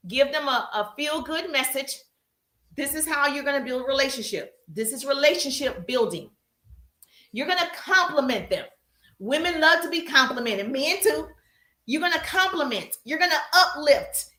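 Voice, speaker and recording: A woman's voice: sits high, sharp tone, roomy sound. A woman coaching viewers on a live stream, talking emphatically, repeating herself and calling them "baby" and "pretty people". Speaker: social media coach hosting a live stream. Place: livestream while working out.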